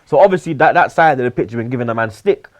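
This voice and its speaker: Young guy, fast, bouncy, loads of slang and swearing, football chat. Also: mid-range voice. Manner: slangy and animated, swears often. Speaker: football pundit. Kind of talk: casual football banter.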